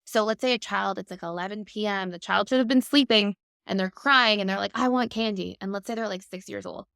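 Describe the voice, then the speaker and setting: A woman's voice: medium pitch, a little fast, gravelly, a bit bright, clean tone, no room sound, studio quality. A woman in her thirties, a guest expert, explaining attachment styles in a fluent, upbeat conversational way.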